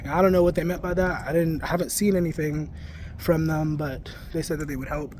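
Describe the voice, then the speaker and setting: A man's voice: on the high side, fairly even intonation, a little fast. A young man rambling casually as he walks outdoors by a road, swearing often and filling his talk with "like" and "you know", recorded on a handheld phone. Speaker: spiritual vlogger. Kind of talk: casual walking vlog. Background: passing traffic.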